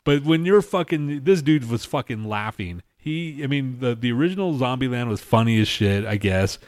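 A man in casual podcast chat, rambling through a story and swearing constantly. His pitch sits in an ordinary middle range. He acts out the people he complains about with loud, animated imitations. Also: normal speed. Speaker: podcast co-host.

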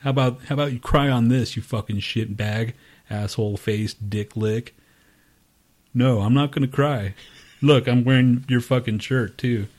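A man's voice: mid-range voice, normal speed, a little mellow. A man co-hosting a podcast in crude casual banter, swearing and laughing often as he teases. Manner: profane, teasing, laughs often. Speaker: podcast co-host.

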